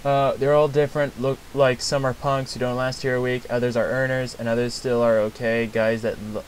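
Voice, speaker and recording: A man voicing a swaggering male bandit boss in a game, with a low tough-guy drawl full of slang. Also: little pitch movement, brisk, a little hiss or hum, natural voice, poor audio. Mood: menacing.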